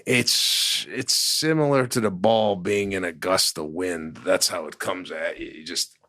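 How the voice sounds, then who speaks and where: A man co-hosting a podcast in relaxed, wry casual chat, teasing his co-host. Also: sits low, unhurried.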